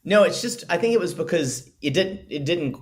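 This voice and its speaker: Lively laughing male podcast co-host. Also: on the high side, moderate pace. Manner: playful, laughs often, sings snatches of songs. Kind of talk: casual chat.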